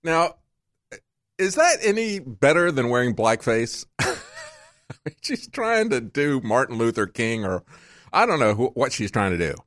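A man's voice: medium pitch, sing-song, a little slow, pauses often, fairly bright tone, no room sound. A man hosting a political talk show, delivering a mocking commentary monologue with sarcastic asides.

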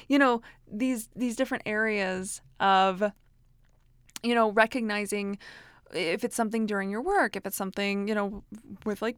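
A woman's voice: medium pitch, a bit bright, clear, resonant tone, no room sound. Woman, thirties, casual advice talk, chatty with lots of ums, dry close-miked sound. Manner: chatty, many fillers and restarts, frequent laughs.

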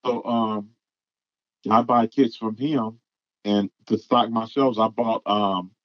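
A man's voice: lowish voice, fairly even intonation, no echo. A man tells a story casually, stopping and restarting with plenty of ums. The sound is dry and close. The recording is dull and lo-fi. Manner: halting, with many ums and restarts. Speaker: guest telling a story.

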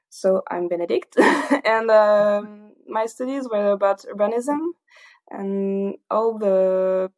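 A woman's voice: mid-range voice, mellow. A woman in her thirties from the south of France with a French accent, answering interview questions hesitantly with many fillers. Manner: hesitant, many fillers, laughs between phrases. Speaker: guest.

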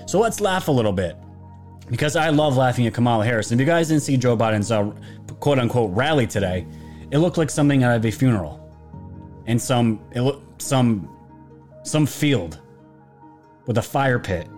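A man's voice: mid-range voice, animated, a little fast, long pauses, darkish tone, faint music behind. A man hosting a live commentary stream, talking casually to his viewers and rambling with frequent restarts. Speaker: political commentary channel host.

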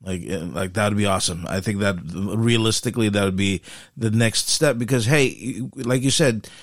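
A man's voice: fairly low pitch, no echo, clean studio sound. Hesitant man chatting casually. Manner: halting, many fillers and restarts, laughs often. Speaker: podcast co-host. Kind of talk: casual chat.

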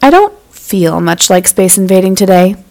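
A woman voicing a bored, gloomy male space invader who talks in a flat, droning way in a children's story podcast. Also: mid-range voice, normal speed.

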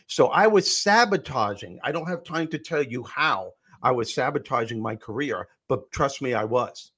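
Husky middle-aged man telling stories. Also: medium pitch, normal speed. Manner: animated storyteller, acts out quotes. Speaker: comedian and motivational speaker guest. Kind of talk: storytelling interview answer.

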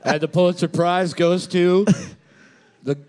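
A man co-hosting a comedic podcast, tossing off deadpan quips and absurd jokes. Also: high-pitched, measured pace, clean tone. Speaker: podcast co-host.

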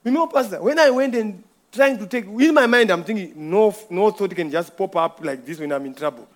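A man's voice: high voice, animated, brisk. A man giving an informal church testimony, telling a rambling story with frequent chuckles.

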